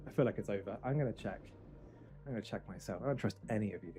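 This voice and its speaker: A man streaming a game for charity in casual, joking chat, swinging from loud outbursts to quiet muttering. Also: lowish voice, fast talker, faint music behind.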